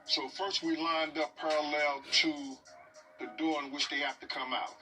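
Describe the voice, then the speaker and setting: A man's voice: on the high side, steady tone, moderate pace, sharp tone. Male interview storyteller, slightly raised voice, distant mic, music bed behind. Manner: conversational, checking in with the listener. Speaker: interview guest recounting events.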